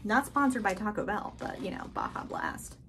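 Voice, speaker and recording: A woman giving a casual, chatty tour of her houseplants, gushing and excited, full of filler words. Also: medium pitch, moderate pace, slight background noise. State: a bit out of breath. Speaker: plant vlogger. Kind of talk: casual plant tour vlog. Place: indoors at a grow tent.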